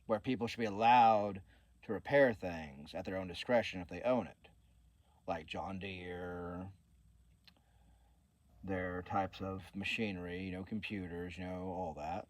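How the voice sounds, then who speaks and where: A man's voice: low-pitched, a little slow, dry recording. A man hosting his own channel, giving a casual update in an earnest, rambling way with restarts. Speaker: channel host and author.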